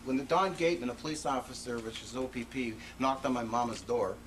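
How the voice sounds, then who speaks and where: At a presentation venue, a man with a medium-pitched, fairly bright voice speaks briskly to an audience. He tells his own story with passion, emphatic and conversational, his voice rising suddenly at moments. The 1980s video was captured with a distant mic and carries faint noise.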